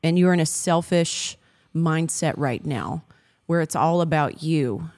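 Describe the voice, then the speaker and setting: A woman in her thirties speaks with earnest, affectionate warmth about faith and marriage, often breaking into a laugh. Her voice sits a little on the low side. She reads scripture aloud in a heartfelt conversational way. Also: unhurried. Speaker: co-host of a Christian marriage talk. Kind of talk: heartfelt faith-based chat.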